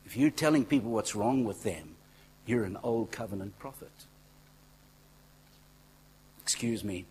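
A man preaching a sermon, telling stories in a conversational way, dropping to near-whispers and then rising to loud exclaiming, with asides to the congregation. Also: lowish voice, a little slow, pauses often, a little hiss or hum, poor audio. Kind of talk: sermon with storytelling.

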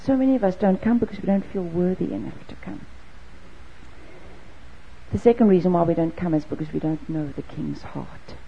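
A woman preacher telling a personal story in a sermon, animated and lively, acting out quoted voices. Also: lowish voice, normal speed, gravelly, long pauses, slight background noise. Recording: dull lo-fi recording.

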